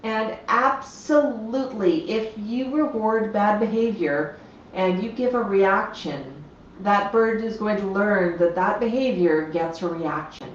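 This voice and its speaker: In an unhurried, medium-pitched voice, a woman hosts a laid-back stream from her home, chatting to her parrots and explaining what they do. The lo-fi recording sounds echoey and slightly dull, with slight background noise.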